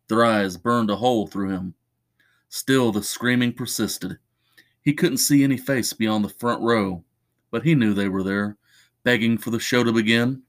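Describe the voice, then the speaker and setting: A man reading a horror short story aloud as a podcast narrator, in measured, steady storytelling. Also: lowish voice.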